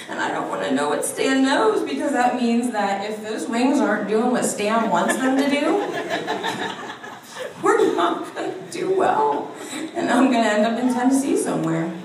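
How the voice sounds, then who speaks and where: A woman's voice: a little high, background noise. A woman telling a funny spiritual story, laughing often as she speaks. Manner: animated storytelling with frequent laughter. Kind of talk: humorous spiritual talk. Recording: echoey room heard from a distance.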